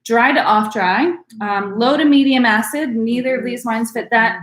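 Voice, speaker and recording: A woman's voice: on the high side, normal speed, roomy sound. A woman leading a live online wine tasting class as instructor, upbeat and coaching, with frequent ums. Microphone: video call.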